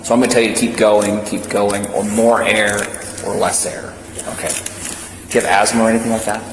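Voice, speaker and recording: A male police officer calmly walking someone through a breath test in a station room, patient and reassuring. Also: on the low side, fairly quick. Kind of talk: calm instructions during a breath test. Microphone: body camera. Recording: echoey room with loud ambient noise.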